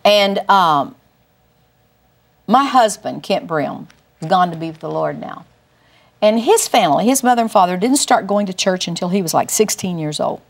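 An older woman giving a Christian teaching through a personal testimony, telling it emphatically with big swings up in pitch. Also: animated, moderate pace, gravelly. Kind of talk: testimony-style Bible teaching.

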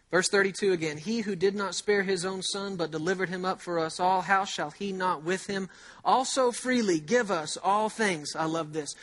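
High-voiced man preaching a sermon. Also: fairly bright tone. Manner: repeats key phrases slowly for emphasis; conversational, with rhetorical questions. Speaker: pastor.

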